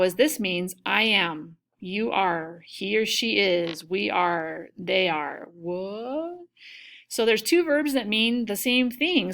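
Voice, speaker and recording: A woman's voice: mid-range voice, a bit bright. A woman teaching a recorded lesson, explaining step by step and checking in with "okay?". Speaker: Spanish teacher.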